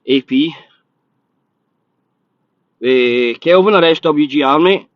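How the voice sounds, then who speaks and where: Nervous, excitable Scottish man. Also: a little high, slow, no room sound, lo-fi sound. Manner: excitable, nervous, swears freely. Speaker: podcast host. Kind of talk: casual live-stream chat.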